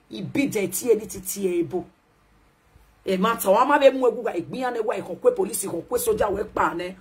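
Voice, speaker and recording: Woman, Nigerian accent, raspy breathy voice, loud, scolding, animated rant. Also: mid-range voice. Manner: loud, animated and scolding, switching between Pidgin and a local language. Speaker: social media commentator. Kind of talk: ranting live video commentary.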